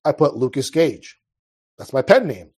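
A man's voice: mid-range voice, big pitch swings, normal speed, a little mellow, husky. A man in his thirties telling his life story as an interview guest, in a casual, rambling way full of restarts. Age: 30s. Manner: rambling, restarts, frequent fillers.

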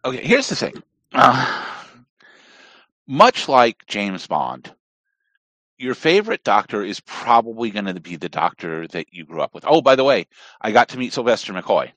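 Guy, lowish voice that swings around a lot, rambly chat, dry sound. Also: normal speed, dry recording. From Southern Appalachia, US. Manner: rambling, digressive, animated. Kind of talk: casual conversation.

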